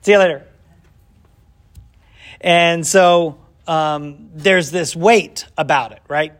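A man's voice: fairly high pitch, slow. A man teaching a casual Bible lesson who asks the class questions, answers them himself and acts out bits of the story. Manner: animated storytelling with acted-out asides.

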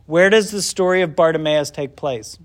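A man's voice: on the high side, normal speed. A man teaching a casual Bible lesson who asks the class questions, answers them himself and acts out bits of the story. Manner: animated storytelling with acted-out asides.

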